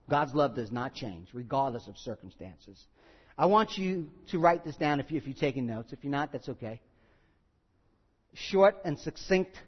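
Male pastor, sermon delivery; high-pitched, earnest with light humor; muffled recording. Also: in a large hall. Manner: earnest preaching with asides and small jokes.

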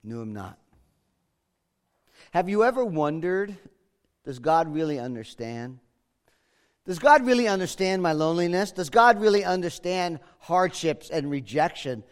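Pastor, male, high voice, dynamic preacher who drops low then builds to emphatic peaks. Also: very animated, a little slow, long pauses, smooth. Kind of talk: sermon.

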